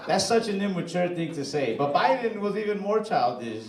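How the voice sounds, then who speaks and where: Young male stand-up comic, deadpan, slightly high voice, loud crowd noise behind. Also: moderate pace, hardly any pauses. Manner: deadpan storytelling punctuated by crowd laughter. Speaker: stand-up comedian. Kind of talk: stand-up comedy set. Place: comedy stage.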